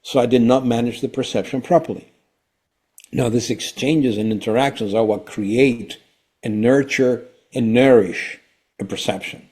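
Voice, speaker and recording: A man, a company founder, explaining ideas on a conversational podcast in an emphatic way that turns louder when he gets excited. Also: mid-range voice, moderate pace.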